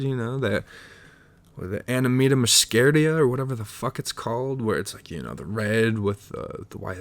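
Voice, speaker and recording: A man's voice: medium pitch, creaky, fairly bright tone, no room sound. A man hosting a solo podcast, rambling in a meandering, profane stream of consciousness. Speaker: podcast host.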